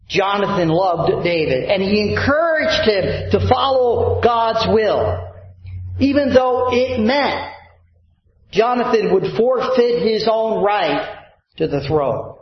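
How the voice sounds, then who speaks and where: A man's voice: high voice, animated, slow pace, roomy sound, dull audio. A man preaching a sermon as a pastor, stretching out key words and calling for amens. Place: church sanctuary.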